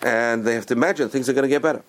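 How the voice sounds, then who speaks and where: A man's voice: medium pitch, fairly even intonation, racing. A man giving a spoken religious talk as a teacher, enthusiastic and repeating words for emphasis.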